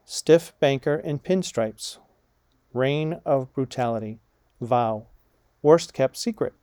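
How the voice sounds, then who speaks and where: Guy slowly reading out vocab words, calls out the commas and hyphens, mellow voice, dead dry room. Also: medium pitch, clean tone, dry recording. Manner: measured, deliberate, reads words and punctuation aloud. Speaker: vocabulary reader. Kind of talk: slow dictation of vocabulary words and phrases.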